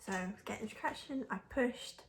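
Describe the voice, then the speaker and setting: A woman's voice: on the high side, quick pace, in a whisper. A young woman telling a personal story to camera in a frank, chatty way, laughing often and using lots of fillers. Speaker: mum vlogger.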